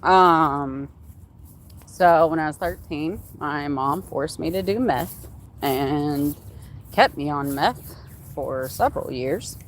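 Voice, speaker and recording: A woman's voice: low-pitched, slow, a little hiss or hum. A young adult woman hosting a livestream, telling a candid personal story in casual, heavily profane talk. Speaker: livestream host.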